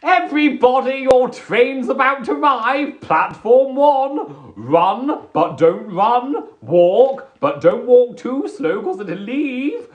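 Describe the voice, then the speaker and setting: A man voicing an overly cheery, fussy railway announcer in a bright, bossy sing-song. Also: very high-pitched, roomy sound, pitched above the performer's own voice, exaggerated voice.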